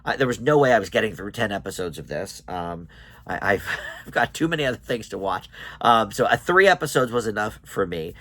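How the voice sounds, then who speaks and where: A man's voice: lowish voice, expressive, fairly quick, fairly bright tone, no echo. A man hosting his own review show, giving a casual spoken verdict on a TV series in a chatty, hesitant way with many ums and restarts.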